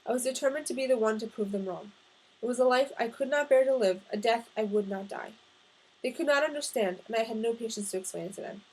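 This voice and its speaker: Expressive woman reading a novel aloud. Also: on the high side, fast, low-quality recording. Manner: expressive first-person narration. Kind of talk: audiobook reading.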